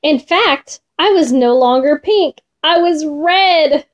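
A woman reading a children's storybook aloud in an expressive, gentle way. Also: sits high, takes it slowly, highs cut off.

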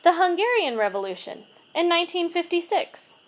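A woman reading a gentle old custodian. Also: very high-pitched, very animated, moderate pace, voice pushed up. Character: kindly older immigrant male school custodian. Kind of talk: storybook reading.

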